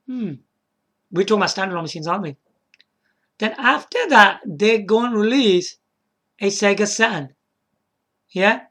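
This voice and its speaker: A man's voice: high voice, bright, forceful tone. A man casually talking through a solo video, rambling, repeating words and checking in with the viewer. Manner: chuckles to himself and apologizes. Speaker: video game vlogger.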